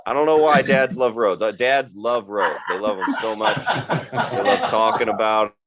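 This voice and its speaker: A man's voice: mid-range voice, sing-song, unhurried, creaky, crowd noise. A male stand-up comedian telling wry, exasperated stories about his family.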